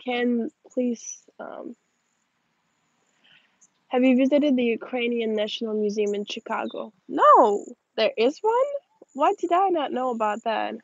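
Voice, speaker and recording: A young woman, tired and yawning, reading viewer questions aloud and chatting back in a relaxed way on a livestream outdoors. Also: a little high, a little slow, long pauses, no echo, dull audio. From Russian-speaking family. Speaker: livestream host. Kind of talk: casual livestream chat reading comments.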